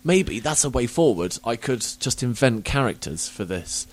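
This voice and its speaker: A man's voice: medium pitch, very animated, moderate pace. A man from England hosting a podcast, chatting casually, swearing a lot and laughing often. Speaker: podcast host. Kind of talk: casual chat.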